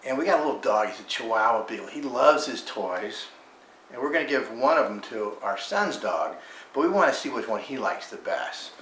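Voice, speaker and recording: A middle-aged vlogger at home, narrating a casual video slowly and calling to a dog in a high sing-song coaxing voice. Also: expressive, a bit bright, a little hiss or hum. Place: indoors at home. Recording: roomy, distant home camera audio.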